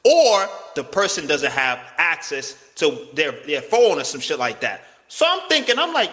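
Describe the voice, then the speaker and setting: A man's voice: measured pace, hardly any pauses, long reverb tail. A man telling a casual, slangy story, acting out the quotes with big swings in his voice. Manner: animated, slangy, swings pitch widely, acts out quotes.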